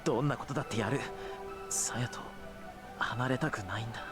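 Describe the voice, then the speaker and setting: A man's voice: medium pitch, racing, over loud music, lightly acted. A man voicing an earnest young man in a game, devoted and pleading. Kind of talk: Japanese game voice acting.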